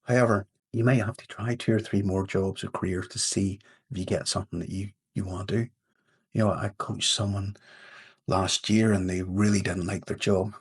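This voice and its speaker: A man with a Northern Irish accent speaks as a podcast guest, his voice low and gravelly. He talks through ideas casually and slips into storytelling. There is a husky roughness to his tone. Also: normal speed. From Northern Ireland. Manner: storytelling, animated quotes in a fable. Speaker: podcast guest, leadership coach. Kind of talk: casual interview talk.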